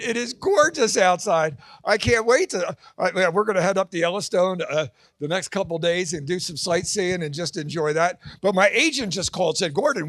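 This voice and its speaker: An older man with grandchildren doing a stand-up comedy set at a church fundraising gala, joking with quick asides and putting on high voices for his characters. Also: fairly bright tone, no room sound.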